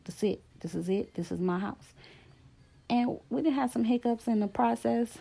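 A middle-aged woman tells her own story in a casual, candid way. Her voice carries a gravelly fry and a mellow, dark tone. She leans hard on key words, rushing some stretches and slowing right down on others. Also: a little high. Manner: candid, emphatic, drifting between fast and slow. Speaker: speaker sharing a personal story.

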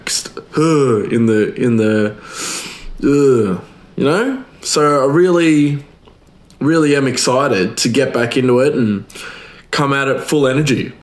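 Chatty rambling podcast host man. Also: mid-range voice. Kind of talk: casual chat. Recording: echoey room.

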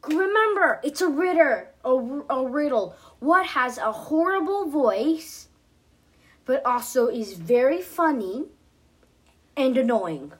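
Woman playing a bossy superhero girl, teasing, high and lively. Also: slow pace, heavily acted.

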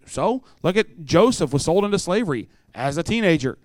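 Lively preacher man telling stories. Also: sits high, brisk, dry recording. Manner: storytelling, acts out voices, asks the room questions. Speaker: preacher speaking to teenagers. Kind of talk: sermon.

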